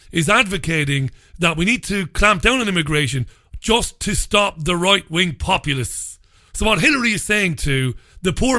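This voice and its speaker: A man's voice: on the high side, pushed and bright. A male radio show host giving opinionated news commentary in a scornful, mocking way, laughing at his own jokes.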